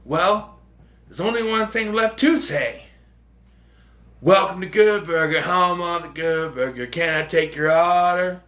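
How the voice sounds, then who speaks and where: A man putting on the voice of a dim-witted, cheerful teenage boy working a fast-food counter, with a high, goofy, drawn-out delivery. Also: sharp tone, roomy sound. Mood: proud.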